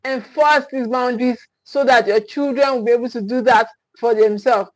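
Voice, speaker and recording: A woman's voice: sits high, fairly even intonation, normal speed, few pauses, no echo, low-quality recording. A woman parenting coach giving a livestream teaching talk, repeating her key phrases with emphasis and often checking in with "okay?". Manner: frequent restarts and checking "okay?".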